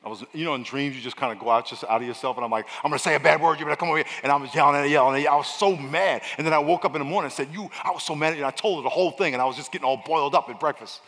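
A middle-aged male pastor preaching a sermon with lots of energy, switching between loud, fiery shouting and quiet, chatty asides to the congregation. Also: medium pitch, rapid-fire, hardly any pauses. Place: large church hall. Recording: long echo of a large hall.

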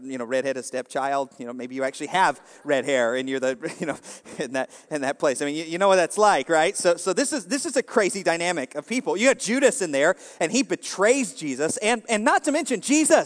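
A man's voice: fairly high pitch, in a large hall. A man preaching a casual, joking sermon, rambling with constant fillers and asides to the crowd. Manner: rambling, jokey, full of "you know" fillers.

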